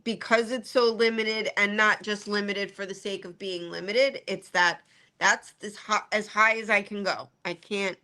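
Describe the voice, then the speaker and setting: A practical woman co-hosts a live online show, patiently walking viewers through the details. Her voice sits at an ordinary mid pitch, and her tone stays casual. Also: steady tone, a little slow, pushed and bright. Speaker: co-host. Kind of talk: casual live-stream chat.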